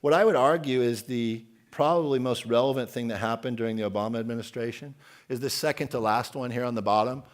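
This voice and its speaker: A man's voice: medium pitch, fast. A man in his forties delivers a conference keynote with a mid-range voice. He is outspoken and emphatic, and he keeps turning to the audience with pointed questions. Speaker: keynote speaker.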